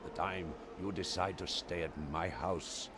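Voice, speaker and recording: An actor playing a kindly Egyptian boatman trader in a video game, with a gentle, formal way of talking. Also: deep voice, steady tone, unhurried, heavy background noise. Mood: warm.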